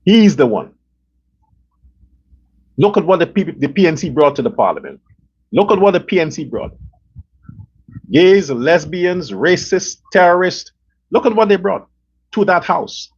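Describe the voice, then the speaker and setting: Angry guy on a politics show, high raspy voice, dull muffled audio. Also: very animated, unhurried, long pauses. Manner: heated, profane, repetitive. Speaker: political commentary show host.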